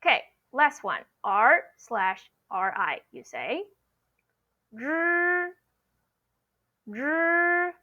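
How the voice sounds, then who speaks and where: A woman's voice: mid-range voice, wildly swooping pitch, slow pace, few pauses, bright, forceful tone, no room sound. A woman teaching pronunciation online, explaining patiently and repeating sounds for learners to copy, saying "okay" often. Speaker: Mandarin teacher. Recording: dull lo-fi sound.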